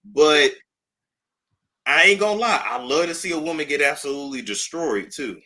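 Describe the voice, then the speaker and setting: A man's voice: fairly high pitch, animated, normal speed, bright, forceful tone. A man co-hosting a casual chat, laid-back and slangy.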